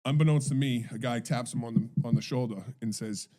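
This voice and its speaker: A man's voice: medium pitch, a little fast, warm tone. A man co-hosting a podcast, telling a profane story in a laid-back way. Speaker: podcast co-host. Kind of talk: casual chat.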